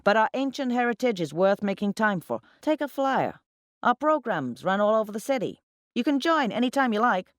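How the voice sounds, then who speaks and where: A man's voice: high-pitched, sing-song, normal speed, fairly bright tone, no echo, clean studio sound, voice pushed up. A man voicing an earnest young male recruiter handing out flyers, with persuasive sales patter.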